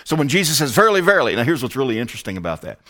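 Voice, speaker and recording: A man's voice: medium pitch, big pitch swings, rapid-fire, a bit bright. A man teaching a Bible study, emphatic and prone to rhetorical questions.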